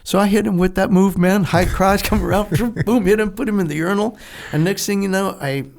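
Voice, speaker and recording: An older man, a retired Navy veteran, telling a lively story in a podcast interview, acting out the dialogue and laughing often. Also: high-pitched, fairly quick, creaky. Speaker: guest, retired Navy SEAL.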